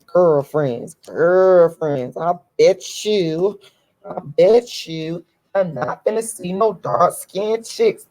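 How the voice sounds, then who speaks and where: A woman's voice: fairly low pitch, takes it slowly, dark tone, poor audio. A woman vlogger giving a ranting commentary to her viewers, emphatic and indignant, repeating her points over and over.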